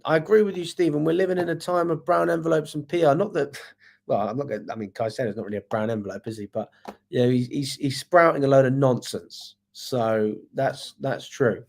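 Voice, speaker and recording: A man's voice: mid-range voice, brisk, vocal fry, darkish tone. A man in a mid-range voice runs a live match review on a fan channel, answering viewer comments as he goes. He is exasperated and swears freely, firing off one rhetorical question after another. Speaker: football fan channel host.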